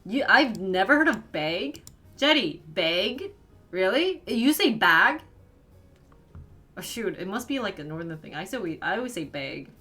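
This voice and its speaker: A young woman streamer from the northern United States chats casually with her live viewers, giggling and peppering her talk with "like." Her mid-range voice is very animated, bright and forceful, moving at a normal speed. Soft music plays in the background.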